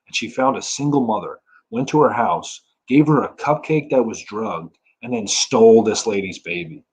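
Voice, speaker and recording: Husky, deadpan New Jersey comic man. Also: fairly low pitch, moderate pace. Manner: dry, self-deprecating, complaining. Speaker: stand-up comedian. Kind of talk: deadpan stand-up set.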